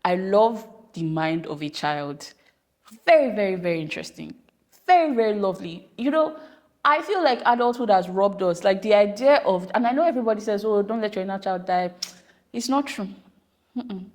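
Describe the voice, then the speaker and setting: A young woman from Nigeria hosting a podcast, chatting casually with rambling, animated asides. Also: medium pitch, normal speed. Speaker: podcast host. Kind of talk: casual monologue.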